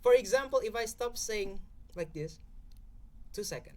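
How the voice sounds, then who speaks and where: An expressive young man with a high-sitting voice and an Indonesian accent speaks at normal speed. He's a podcast guest giving casual explanations, frequently checking in with "okay?"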